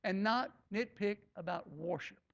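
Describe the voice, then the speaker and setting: A man's voice: high-pitched, measured pace, pitched below the performer's own voice. A man voicing his grandfather in a sermon story, an older man asking plain, probing questions. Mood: questioning. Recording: dull lo-fi recording.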